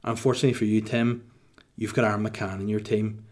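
A man in his thirties with a Northern Irish accent, answering listener questions in casual chat with mock-boastful, deadpan jokes. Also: fairly low pitch, a little fast.

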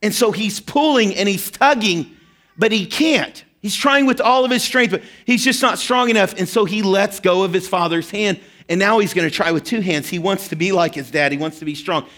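A man's voice: high-pitched, normal speed, fairly bright tone. A man preaching a sermon as pastor, telling a story earnestly and acting out quoted prayers.

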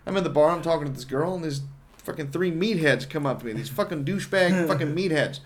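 A man's voice: a little high, quick pace. A man guesting on a comedy podcast, telling rambling, profane stories in a loose casual way. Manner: rambling, profane, animated storytelling.

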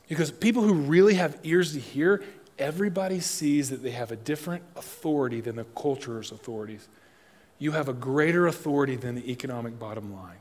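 A man preaching a sermon as pastor, swinging from loud emphatic lines to soft, hushed appeals and asking the listeners direct questions. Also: mid-range voice. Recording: long reverb of a large hall.

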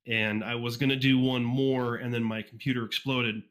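A man's voice: medium pitch, level tone, moderate pace, a bit bright. A man guest on a casual podcast, a fan fiction reviewer who rambles and jokes at his own expense. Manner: rambling, self-deprecating, lots of fillers and restarts. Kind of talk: casual interview.

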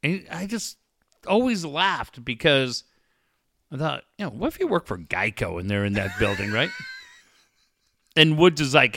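A man's voice: mid-range voice, unhurried, long pauses, no echo, clean studio sound. A man co-hosting a casual sports talk show, telling stories and acting out quotes. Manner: animated storyteller, acts out quotes.

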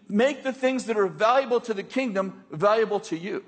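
Man, American accent, preacher, sermon, high voice, husky, conversational, joking, checks in with the audience. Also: fairly quick, few pauses, fairly bright tone.

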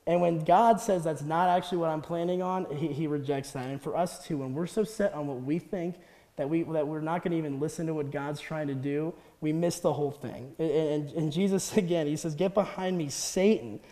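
A young man with a high, mellow voice gives a chatty guest sermon, laughing often and acting out the quotes he tells. His voice rings out with the long reverb of a large hall. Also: steady tone, fairly quick. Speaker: guest speaker. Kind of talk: casual sermon.

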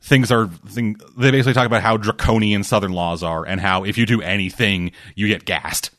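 A man's voice: fairly low pitch, steady tone, brisk, no room sound, clean studio sound. A man chatting casually about movies and shows, rambling and swearing, with lots of restarts. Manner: rambling, profane, acts out quotes loudly.

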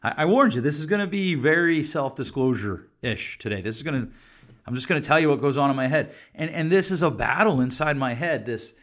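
A middle-aged man talking openly about being a parent, with a voice that sits a little high for a man. He speaks in a frank, self-disclosing way and slips into quick voiced snippets of conversations with his kids. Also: animated, fairly bright tone. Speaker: parenting podcast host and counselor. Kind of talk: reflective solo talk to camera.

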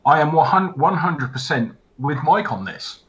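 Male co-host, blunt and profane, animated pitch, dull lo-fi audio. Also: unhurried. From United Kingdom. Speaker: podcast co-host. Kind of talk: casual ranting film chat.

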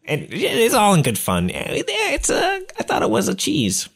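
A man's voice: high-pitched, wildly swooping pitch, measured pace, vocal fry, fairly bright tone, slightly rough. A young man playing his gnome character in a tabletop game, talking in a playful, giggly way. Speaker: player voicing a gnome character. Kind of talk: tabletop role-play, in character.

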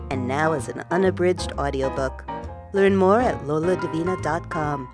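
A woman with a notably low voice gives a smooth, polished scripted introduction and sign-off for an audiobook. Clear instrumental music plays underneath her throughout. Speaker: audiobook announcer. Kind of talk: scripted announcement.

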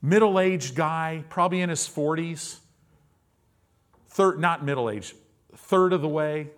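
A man in his fifties preaching, telling a testimony story in an animated way. He repeats words often and acts out the people in his story. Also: fairly high pitch, slow pace. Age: 50s.

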